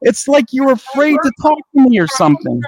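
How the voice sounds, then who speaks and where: A man's voice: extremely high pitch, big pitch swings, fairly quick, a crowd in the background, rough recording. A man who runs a podcast network, arguing angrily with a caller and lecturing him with constant swearing. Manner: angry, profane, lecturing. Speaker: network owner. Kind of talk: heated on-air argument.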